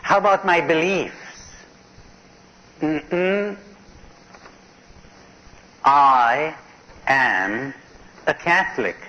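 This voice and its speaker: At a spiritual conference, a middle-aged man delivers a live talk, questioning listeners and joking with the crowd. His voice is fairly high and sharp in tone, and he speaks extremely slowly with long pauses. The audio is a dull lo-fi cassette recording.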